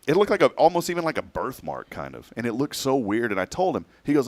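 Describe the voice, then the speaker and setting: A man in his forties telling a personal story in casual talk-show chat, animated and acting out what others said. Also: mid-range voice, fast talker, few pauses, dry recording. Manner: animated storyteller who acts out quoted speech.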